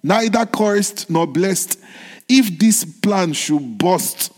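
A man's voice: sits high, animated, extremely slow, heavily acted. A man voicing a timid young man with a thin voice, nervously protesting a risky plan. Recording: long hall reverb.

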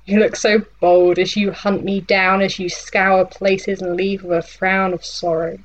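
A woman voicing a sinister, patient nightmare villain in a dramatic monologue poem, speaking slowly and tauntingly. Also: mid-range voice, flat delivery, lo-fi sound, close to an everyday voice. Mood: menacing. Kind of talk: dramatic monologue poetry reading.

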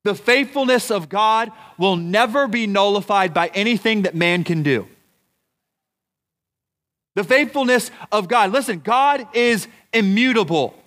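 A man preaching a sermon as pastor, deliberate and emphatic, asking his congregation rhetorical questions. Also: high-pitched, lively intonation, a bit bright. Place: church.

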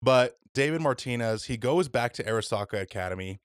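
A man's voice: mid-range voice, lively intonation, a little fast, clean tone, no echo, clean studio sound. A man hosting a podcast in casual chat, laid-back, swearing freely and using many fillers. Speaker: podcast host.

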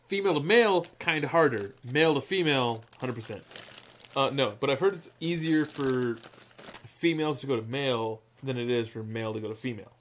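An excitable man in casual podcast conversation, rambling from one thought to the next. His voice sits at an ordinary middle pitch but leaps upward whenever something surprises him. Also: brisk. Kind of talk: casual chat.

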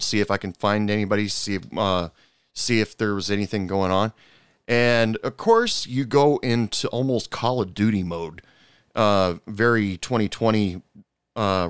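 A middle-aged man with a fairly low, smooth voice tells bar stories in a loose, rambling way, full of "uh" and "you know." He gets animated and pushes his voice higher when irritated. He is recorded close on a podcast mic in a dry space. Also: no echo. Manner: animated storyteller, rises sharply when annoyed, frequent fillers. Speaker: podcast host, bartender. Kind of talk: casual storytelling monologue.

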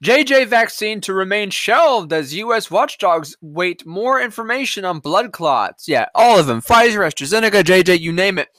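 A man's voice: high-pitched, animated, moderate pace, hardly any pauses, sharp tone, no room sound. A man hosting a podcast, reacting to headlines in a rambling, profane, sarcastic rant. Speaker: podcast host. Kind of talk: casual news-reaction rant.

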